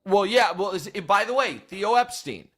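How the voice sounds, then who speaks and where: A man's voice: sits high, expressive, moderate pace, a bit bright. A man hosting a sports talk show, giving opinionated commentary in long, thinking-aloud arguments.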